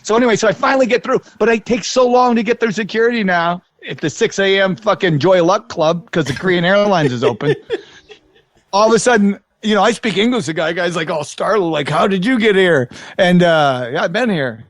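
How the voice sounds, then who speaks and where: A man with a slightly higher voice tells a rambling, profane story on a podcast. The sound is close and dry, with no room around it. His delivery is animated and full of swearing. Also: brisk, dry recording. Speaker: podcast co-host. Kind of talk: casual chat.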